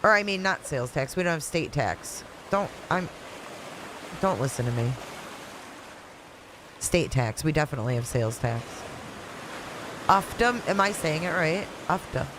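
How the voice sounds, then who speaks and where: A woman's voice: sits low, lively intonation, normal speed, pauses often, background noise. A woman with a Michigan accent hosting a casual livestream, chatting and answering viewer comments one after another. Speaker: livestream host. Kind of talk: casual live-chat stream. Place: at home in Florida riding out a hurricane.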